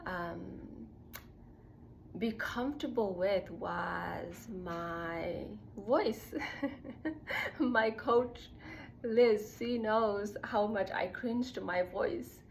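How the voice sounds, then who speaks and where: A woman from Nepal, talking casually and reflectively about her own life, soft-spoken and given to little laughs and fillers. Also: medium pitch, creaky, a little hiss or hum, rough recording. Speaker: speaker sharing a personal story.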